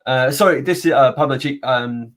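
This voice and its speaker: A man from North Wales hosting a basketball podcast, chatting casually in an animated, teasing way and correcting himself as he goes. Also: medium pitch, normal speed. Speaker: podcast host. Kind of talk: casual interview chat.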